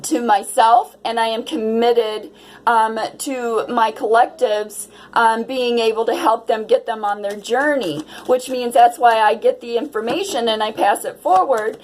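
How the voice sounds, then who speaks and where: A woman reads tarot for her viewers in a casual, dreamy way, breaking into delighted exclamations. Her voice sits a little high and her pace is slow and unhurried. A faint hiss of noise runs under the recording. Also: low-quality recording. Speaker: tarot reader.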